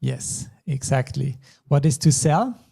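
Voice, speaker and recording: A man's voice: medium pitch, expressive, slow pace, gravelly, dark tone, husky. A man teaching a language lesson, explaining patiently step by step. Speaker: German teacher.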